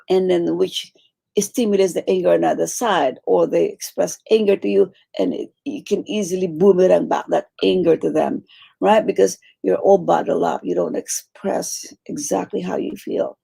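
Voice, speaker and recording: A woman teaching a meditation class, coaching her students gently and repeating phrases for emphasis. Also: medium pitch, creaky, husky. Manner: warm coaching, repeats phrases, acts out quoted pleas.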